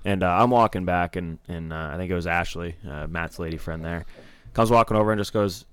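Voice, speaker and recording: A young man with a very deep, smooth voice talks fast on a casual podcast. He rambles through his story and swears freely. The sound is dry and close. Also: fairly even intonation, no room sound.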